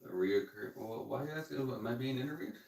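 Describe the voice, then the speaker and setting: A man's voice: medium pitch, fast talker, creaky, darkish tone, recorded from a distance. A man chatting casually as a guest on a stream, laid-back and hesitant, often searching for his words. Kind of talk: casual chat. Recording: echoey room, off-mic.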